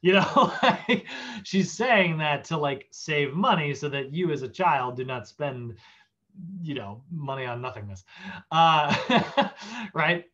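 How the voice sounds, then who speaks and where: A man giving a casual fitness class lecture, chatty and animated, acting out body parts in silly voices. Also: on the high side, slow pace, highs cut off. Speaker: fitness instructor.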